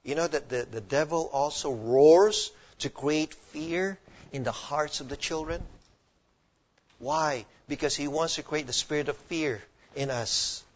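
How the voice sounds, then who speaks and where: A man's voice: on the high side, unhurried. A male pastor preaching a sermon emphatically, often quizzing his listeners with questions. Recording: dull lo-fi recording.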